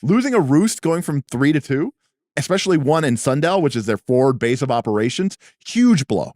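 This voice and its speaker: A man's voice: on the high side, very animated, fairly quick, a little mellow, no room sound, clean studio sound. A man as game master, explaining rules in a chatty way and often saying "you know". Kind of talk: running a tabletop game livestream.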